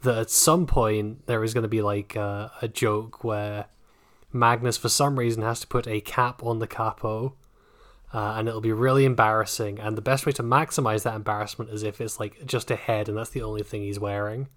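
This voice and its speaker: A man's voice: lowish voice, level tone, moderate pace, a bit bright. Laughing, rambling man on a podcast. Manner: rambling, joking, laughs often, swears. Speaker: podcast co-host. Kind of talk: casual book discussion podcast.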